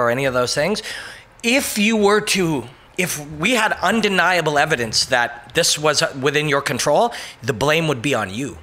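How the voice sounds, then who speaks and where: A man's voice: medium pitch, normal speed, bright, forceful tone. A man hosting a casual motivational monologue, rambling and emphatic, with frequent swearing and brief mocking voices for quotes. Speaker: host.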